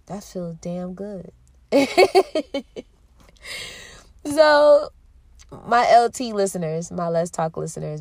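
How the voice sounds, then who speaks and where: A woman in her thirties hosting a podcast, talking alone in an earnest, heartfelt way with pauses and restarts. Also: on the low side, gravelly, darkish tone, no room sound. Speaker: podcast host. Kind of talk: reflective solo monologue.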